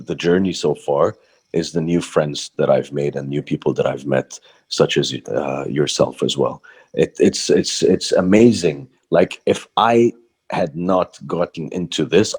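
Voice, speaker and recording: A voice-over artist from Bahrain speaks as a podcast guest in a rumbling low, darkish, husky voice. His casual interview talk is reflective, with frequent fillers and restarts.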